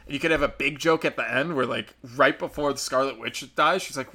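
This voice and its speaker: Male reviewer, casual rant, bright tense tone, crude and mocking. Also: mid-range voice, a little fast, husky. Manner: profane, sarcastic, mocking impressions. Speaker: movie reviewer.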